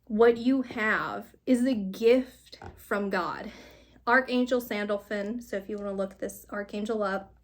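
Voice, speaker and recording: A woman's voice: mid-range voice, measured pace. A woman giving a casual tarot card reading, rambling and encouraging, and often breaking into laughter. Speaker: tarot reader.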